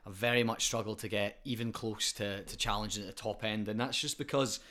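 A man's voice: on the low side, fairly even intonation, brisk, sharp tone. A young Scottish man co-hosting a football podcast, explaining points in casual chat. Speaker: podcast co-host.

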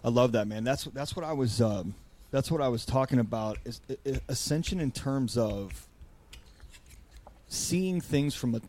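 A man hosting a podcast in a loose, rambling way, often jumping into quoted voices. His tone is mellow and dark, sitting at an ordinary middle pitch. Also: normal speed. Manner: rambling, animated, acts out quotes. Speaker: podcast host. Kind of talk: casual podcast conversation.

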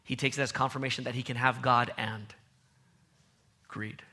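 A man preaching a sermon with emphatic repetition, his voice swinging from loud outbursts to soft low passages. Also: little pitch movement, fast talker. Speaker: pastor.

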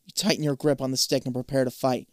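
A man's voice: mid-range voice, flat delivery, fast talker, darkish tone, dry recording, studio quality. A man reading a choose-your-own-adventure book aloud in a casual way, swearing offhand between passages. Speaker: gamebook reader.

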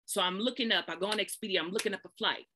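A woman sharing a casual spoken testimony. She tells a lively story, acts out other people's voices with big pitch jumps and often speaks straight to her listeners. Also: rapid-fire, background noise. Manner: folksy, addresses listeners as "y'all".

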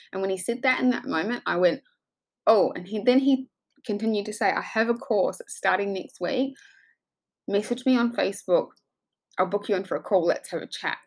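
A woman coach telling a personal story in an effusive, animated way, acting out the dialogue as she goes. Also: on the low side, vocal fry. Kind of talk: motivational storytelling monologue.

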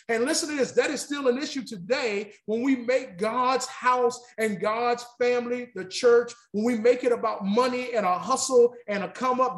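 High-voiced emphatic male preacher. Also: echoey room. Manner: emphatic, repetitive, addresses the congregation. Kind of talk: sermon.

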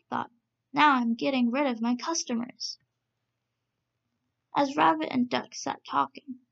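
A woman reading a children's story aloud in steady, measured narration, in a dull, lo-fi recording. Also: sits high, vocal fry.

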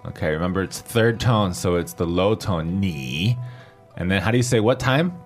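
A man leads a language lesson in a fairly low voice, slowly and patiently spelling out pinyin letter by letter. Soft music plays faintly behind him. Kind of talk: explaining grammar in a lesson dialogue.

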